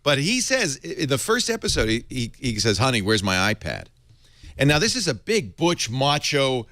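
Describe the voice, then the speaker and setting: Animated man hosting a tech chat. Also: fairly high pitch, normal speed, no echo. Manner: animated, laughs often. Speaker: host. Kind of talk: casual panel chat.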